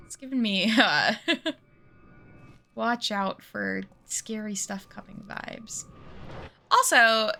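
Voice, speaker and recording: A woman streamer chatting casually while she plays a game, talkative and self-mocking and quick to laugh. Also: medium pitch, gravelly, pushed and bright, soft background music. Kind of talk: casual live-stream chat while gaming.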